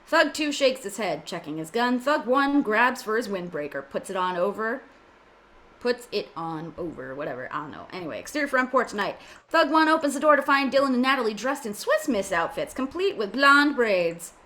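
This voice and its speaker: Lively woman reading stage directions. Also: fairly high pitch, moderate pace. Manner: reads directions with joking asides. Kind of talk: amateur script reading.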